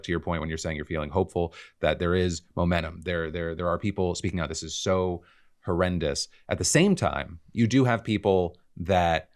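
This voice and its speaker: A man co-hosting a podcast, talking in an indignant, halting way and swearing often. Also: low voice. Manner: indignant, profane, halting with restarts. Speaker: podcast co-host. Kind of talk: casual political chat.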